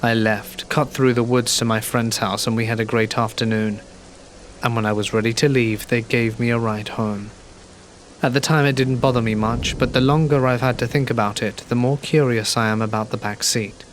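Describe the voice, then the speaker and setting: A man narrating a horror story in a calm, measured, scripted reading. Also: mid-range voice, slight background noise. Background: gentle rain.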